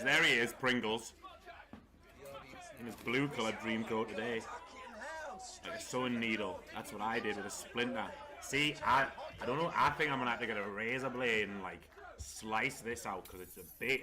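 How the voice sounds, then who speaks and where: A man hosting a casual watchalong stream, rambling and swearing freely. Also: lowish voice. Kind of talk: casual chat. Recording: wrestling crowd noise behind.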